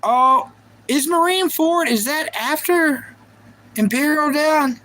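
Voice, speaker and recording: A man's voice: very high-pitched, slow pace, sharp tone, poor audio. A young man hosting a livestream, chatting casually and playfully about anime and reacting to his viewers. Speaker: livestream host.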